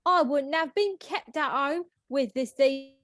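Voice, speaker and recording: A woman's voice: high-pitched, unhurried, fairly bright tone, dry recording, clean studio sound. A woman reading a bossy old-fashioned mistress. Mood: imperious. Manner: imperious, scolding. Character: bossy middle-aged mistress of a house. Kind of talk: script read-through.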